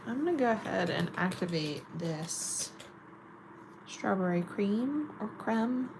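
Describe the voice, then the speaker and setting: A woman's voice: mid-range voice, lively intonation, slow, background noise. A woman chatting casually and giggling while doing her nails on camera. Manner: chatty, giggly, self-mocking. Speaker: nail vlogger.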